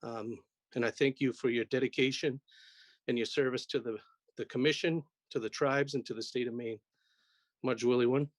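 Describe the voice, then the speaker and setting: A commission member giving brief, sincere thanks at a meeting. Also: male voice, medium pitch, fairly even intonation, normal speed, dry recording. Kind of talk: meeting tribute remarks. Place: video call.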